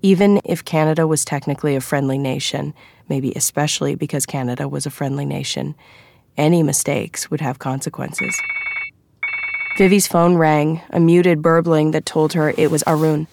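A woman narrating an audiobook in an even, measured storytelling manner. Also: deep voice, vocal fry, slight background noise.

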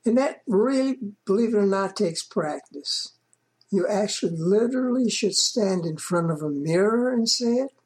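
A woman's voice: medium pitch, expressive, moderate pace, a little mellow, breathy edge. A woman giving informal coaching on sales and networking, talking conversationally, repeating her points with frequent fillers.

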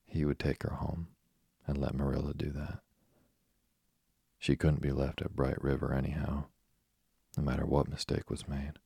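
A man reading a novel aloud as a measured audiobook narrator. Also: rumbling low, completely flat delivery, creaky, mellow, husky, dry recording, clean studio sound.

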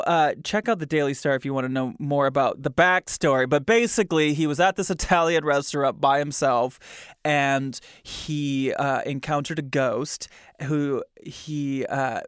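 A man's voice: fairly high pitch, a bit bright, smooth, dry recording, studio quality. A man hosting a podcast, talking casually and with amusement to listeners, with many fillers along the way. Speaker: podcast host.

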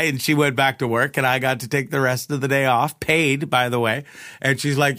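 A man's voice: mid-range voice, fairly even intonation, normal speed, bright, forceful tone. A man telling rambling personal stories in a casual, profane way, laughing often. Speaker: storyteller.

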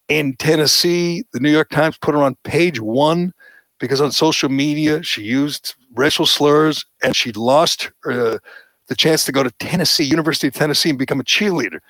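A man's voice: a little high, no echo. A man hosting a podcast, giving opinionated political commentary and mocking the people he quotes. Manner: animated, mocking quoted voices. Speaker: podcast host.

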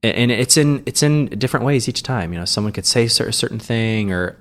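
A man's voice: medium pitch, expressive, brisk, fairly bright tone. A man who is a stage actor, talking as a podcast guest in casual chat, rambling with frequent restarts.

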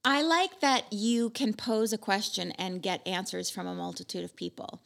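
A woman's voice: medium pitch, fairly even intonation, moderate pace, creaky. A woman co-hosting a podcast in casual, teasing chat. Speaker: podcast co-host.

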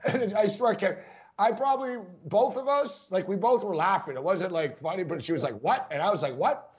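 A man with a New York accent, rambling through a story at high speed and laughing easily as he co-hosts a casual podcast. His voice sits high for a man, and the audio has a dull, lo-fi quality. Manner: fast-talking, rambling, laughs often. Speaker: podcast co-host. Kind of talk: casual chat.

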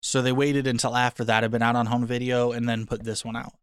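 A man's voice: medium pitch, little pitch movement, fast talker, clear, resonant tone, dry recording, studio quality. A man co-hosting a podcast, chatting casually and frankly as he reviews a movie, rambling a little and mocking what he disliked. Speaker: podcast co-host.

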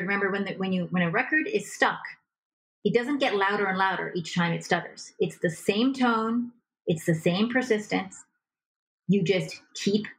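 A woman relationship coach talking in a conversation, animated and acting out little example dialogues. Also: mid-range voice, low-quality recording.

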